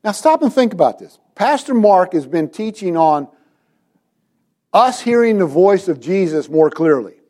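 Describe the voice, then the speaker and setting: Man, high voice, sermon, preacher, acts out scripture, asks questions, church congregation. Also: sing-song, unhurried, a little mellow. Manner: dramatizes scripture with quoted voices.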